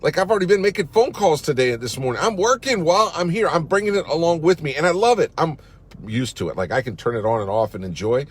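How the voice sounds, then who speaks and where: A man's voice: fairly high pitch, expressive, fast talker, breathy edge. A company CEO, a man, giving a fired-up, salesy pep talk on a live social-media broadcast, outdoors in a park.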